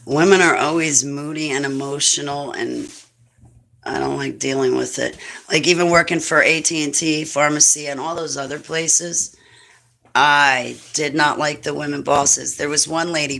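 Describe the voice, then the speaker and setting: Low-pitched with vocal fry and a pushed, bright quality, a woman hosts a livestream and speaks casually and bluntly to viewers. She rambles from one topic to the next, chuckling often.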